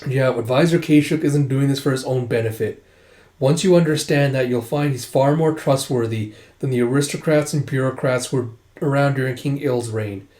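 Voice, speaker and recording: A man's voice: medium pitch, moderate pace, a little mellow, echoey room. A man casually retelling a manga chapter, leaning heavily on fillers. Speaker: manga recap vlogger. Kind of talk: casual comic recap.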